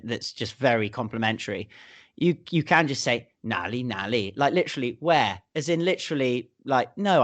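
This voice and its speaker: A man hosting a podcast in a joking, chatty way, often turning to speak to the listeners. His voice is mid-pitched and sounds close and dry, with no room echo. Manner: chatty, jokey, addresses listeners. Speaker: podcast host. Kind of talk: casual chat.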